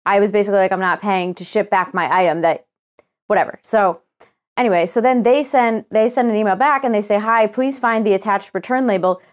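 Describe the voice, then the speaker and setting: A young woman co-hosting a casual podcast, venting through a long story. She swears freely and slips into little acted-out quotes of both sides of the exchange. Her voice sits at an ordinary middle pitch for a woman. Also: fast talker. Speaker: podcast co-host. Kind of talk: casual chat.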